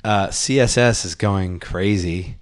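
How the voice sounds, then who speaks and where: Easygoing low-voiced male podcast host. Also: takes it slowly, no echo, studio quality. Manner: easygoing, self-mocking banter. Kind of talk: casual chat.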